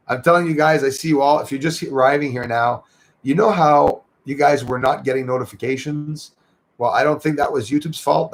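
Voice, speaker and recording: A man's voice: medium pitch, gravelly. A Canadian man hosting a casual livestream, chatting loosely and thanking viewers by name as he reads their comments. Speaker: livestream host.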